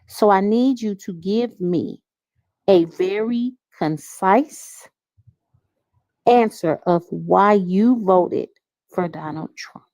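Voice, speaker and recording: A woman panelist speaking in a deliberate, sarcastic way during a heated live debate. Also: mid-range voice, darkish tone, no echo.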